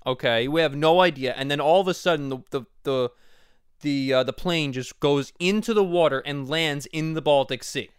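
A young man teases his grandmother in a playful, casual chat. His voice sits fairly high for a man and is clean and smooth, recorded dry and close. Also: normal speed, no room sound. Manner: teasing, playful.

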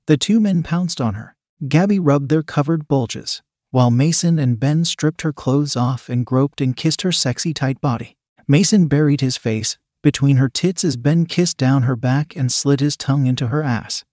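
A man's voice: medium pitch, normal speed, a little mellow, no room sound, clean studio sound. Man narrating an adult story.

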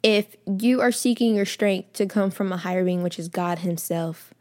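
A woman's voice: medium pitch, moderate pace, a little mellow. A young woman hosting a faith podcast, talking casually and earnestly, often calling listeners y'all and repeating phrases for emphasis. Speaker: podcast host.

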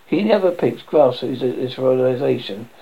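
A woman's voice: a bass voice, lively intonation, moderate pace. A woman reading a comedy play aloud, giving the stage directions plainly. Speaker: reader. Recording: dull lo-fi recording.

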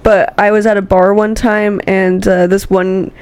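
A young woman co-hosting a casual podcast, telling stories in a lively way and acting out the people in them. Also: medium pitch, a little slow, smooth. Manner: animated storyteller, acts out voices in her anecdotes. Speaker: podcast co-host. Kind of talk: casual chat.

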